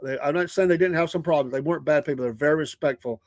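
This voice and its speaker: Hosting a casual morning livestream, a Southern American man in his sixties talks fast in an earnest, rambling way, full of restarts and little chuckles. His voice is a touch high for a man, and the sound is dry and close with no echo or room around it.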